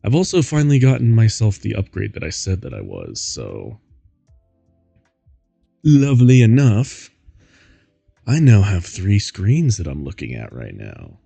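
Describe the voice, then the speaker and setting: A man's voice: on the low side, wildly swooping pitch, unhurried, gravelly, pauses often, warm tone, husky, no echo, soft background music. A goofy, giggly man hosting a laid-back gaming stream and rambling to chat, a bit tired from poor sleep. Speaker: streamer host. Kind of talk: casual chat while gaming.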